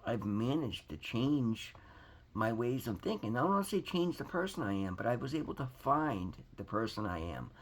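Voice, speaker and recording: A man's voice: medium pitch, very animated, normal speed. A man giving an earnest, rambling personal testimony to his viewers, emphatic and calling them guys. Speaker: recovery vlogger.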